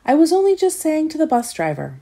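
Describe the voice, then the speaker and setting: A woman's voice: huge pitch swings, brisk, mellow, full character voice. A woman reading aloud, voicing a bubbly, endlessly talkative little woman in a storybook. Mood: cheerful. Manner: bubbly, gushing, high and bouncy.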